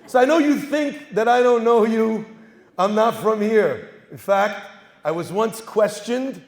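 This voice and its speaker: A man, a rabbi, giving a humorous talk to a live audience, telling stories with lively asides. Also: sits high, a little slow. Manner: joking, storytelling, lively asides. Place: synagogue hall. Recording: echoey hall, live event.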